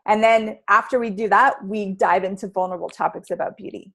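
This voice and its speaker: A woman interview guest speaks about her workshops with heartfelt enthusiasm, in an ordinary middle pitch. She talks in a loose, casual way and often drops "like" into her sentences. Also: fairly even intonation, a little fast, creaky, fairly bright tone. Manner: enthusiastic, heartfelt, with frequent "like" fillers.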